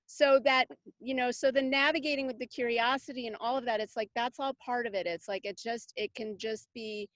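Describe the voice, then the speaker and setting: A middle-aged woman talks about parenting in a loose, chatty way, circling back with fillers and restarts. Her voice sits a little high. The sound is close and dry, with no room around it. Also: fairly even intonation, fairly quick, fairly bright tone, dry recording. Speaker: parenting coach, summit guest. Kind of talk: casual conversational interview.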